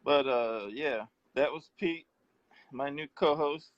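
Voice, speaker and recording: A man's voice: a little high, dry recording. A man hosting a casual talk show, wrapping up in an easygoing way. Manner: slow, easygoing wrap-up talk. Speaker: show host. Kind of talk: casual chat. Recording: dull, lo-fi dry sound.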